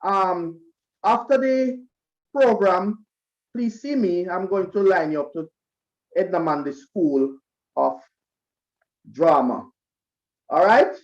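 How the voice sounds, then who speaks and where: Slow-talking Jamaican man at a school concert. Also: sits high, muffled recording. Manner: lively storyteller who acts out quoted voices. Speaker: school event emcee. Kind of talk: speech to students at a school concert.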